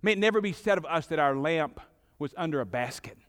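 A middle-aged man preaching a sermon as pastor, emphatic, with dramatic pauses and swelling intensity, in a church sanctuary. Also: fairly high pitch, lively intonation, fairly bright tone. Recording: long hall reverb.

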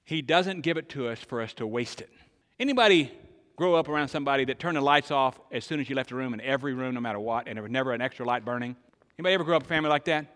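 An older man preaching a sermon, asking the congregation questions and swinging between loud emphasis and soft, hushed lines. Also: on the high side. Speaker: pastor. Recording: long hall reverb.

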